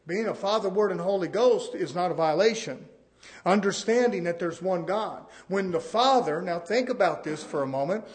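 A high-pitched male preacher delivers a fervent sermon. He swings from quiet asides to loud, emphatic peaks, calling out to his congregation as he goes. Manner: emphatic preaching with sudden rises in pitch and loudness; peppers lines with "amen" and "brothers and sisters".

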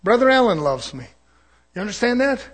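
A man preaching a folksy sermon, mixing jokes and laughter with scripture and swinging from soft asides to loud, fervent preaching. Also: sits high, very animated, fairly quick. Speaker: pastor.

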